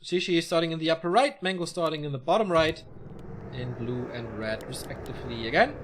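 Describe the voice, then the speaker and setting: A male esports caster talking solo over a match. His voice sits a little high and swings up and down a lot as he calls the play. He chats and tosses in joking asides between the action. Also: lively intonation, brisk, slight background noise. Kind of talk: solo play-by-play game commentary.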